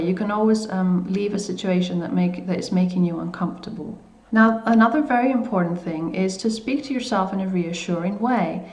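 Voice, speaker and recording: A woman coaching viewers in a self-help video, speaking gently and hesitantly, with many fillers and restarts. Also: mid-range voice, normal speed, reverberant.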